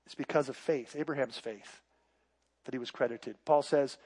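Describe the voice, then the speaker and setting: A man, a pastor, preaching a sermon, moving between quiet, intimate passages and loud, emphatic declarations. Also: medium pitch, fairly even intonation, normal speed.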